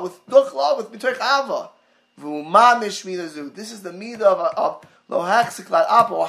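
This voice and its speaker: A man giving a Torah class to his community, telling stories in an animated way with many restarts and Hebrew and Yiddish terms mixed in. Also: sits high, vocal fry. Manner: animated storytelling, many restarts, rising to near-shouts. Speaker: rabbi teaching a Torah class.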